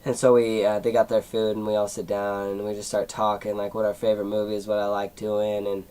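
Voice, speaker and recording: A man's voice: on the low side, completely flat delivery, fairly quick, mellow, smooth, rough recording. Emotional teenage guy rambling. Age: teens. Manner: rambling, many "like" fillers, emotional, tearing up at times. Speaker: YouTuber. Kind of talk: personal vlog storytelling.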